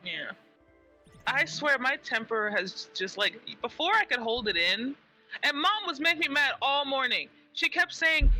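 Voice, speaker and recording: A woman's voice: high voice, moderate pace, faint music behind, low-quality recording. A woman streamer chatting casually while gaming, telling stories animatedly and acting out the people she quotes, on a headset mic. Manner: animated storyteller who acts out quoted people.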